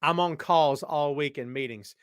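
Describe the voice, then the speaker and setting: A man's voice: a little high, unhurried, clean tone, no room sound, clean studio sound. A man hosting a casual live-stream talk show, his voice worn out, rambling and joking straight to viewers. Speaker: podcast host. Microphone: webcam setup.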